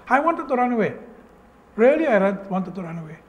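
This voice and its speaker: High-voiced Malaysian man telling his story. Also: very animated, fairly quick. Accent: Malaysian English. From Malaysia, Penang. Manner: earnest, emotional storytelling with broken, repeated phrases. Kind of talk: personal story speech.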